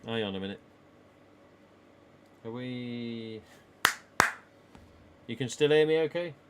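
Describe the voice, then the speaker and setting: A man's voice: mid-range voice, takes it slowly, background noise. A man with an English East Midlands accent, live streaming from a small home office and chatting casually with viewers in a rambling way, laughing often.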